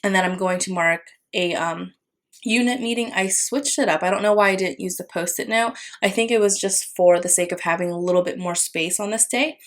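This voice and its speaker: A woman's voice: lowish voice, fairly even intonation, brisk. A young adult woman casually narrating a plan-with-me voiceover, chatty with frequent fillers and little apologies. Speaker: planner vlogger.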